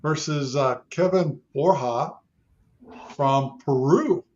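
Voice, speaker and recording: A man's voice: fairly high pitch, slow, darkish tone, slight background noise. A man co-hosting a talk radio show, rambling and joking in casual chat. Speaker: radio co-host. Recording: dull muffled audio.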